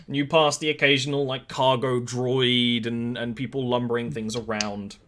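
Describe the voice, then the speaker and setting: A man's voice: medium pitch, flat delivery, normal speed, fairly bright tone, a little hiss or hum. A man running a tabletop game as game master, describing scenes in a rambling way with many fillers.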